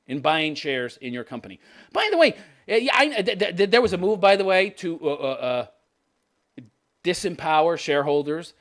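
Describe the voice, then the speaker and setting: A man's voice: fairly high pitch, a bit bright. A man in his fifties hosting a podcast, ranting scornfully and sarcastically, often breaking into laughter. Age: 50s. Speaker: podcast host. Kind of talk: political commentary rant.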